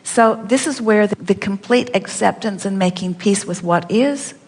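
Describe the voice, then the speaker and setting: A woman addresses a seminar audience in the first person plural, emphatic and insistent, circling back to the same phrases again and again. Her voice is mid-pitched. It rings out through a large hall with a long reverb tail. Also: normal speed, a little mellow, slightly rough. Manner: speaks as "we", emphatic and repetitive. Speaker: speaker answering audience questions. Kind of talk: inspirational seminar talk.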